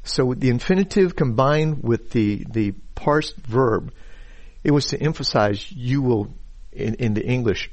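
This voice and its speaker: A man who is a pastor, delivering a sermon in an unhurried way, often repeating words as he thinks and reading scripture aloud. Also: mid-range voice, darkish tone. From Chinese background.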